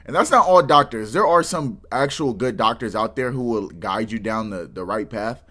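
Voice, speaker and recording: A man's voice: medium pitch, normal speed, bright, forceful tone. Casual slang-talking man reacting. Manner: casual, slang-heavy, rambling with restarts. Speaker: reaction video host.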